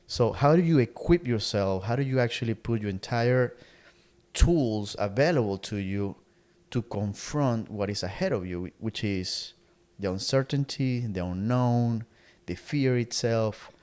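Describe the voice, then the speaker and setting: A man's voice: medium pitch, expressive, a little slow, a little mellow. A middle-aged man co-hosting a podcast, speaking earnestly in casual motivational chat and repeating words as he searches for phrasing. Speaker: podcast co-host.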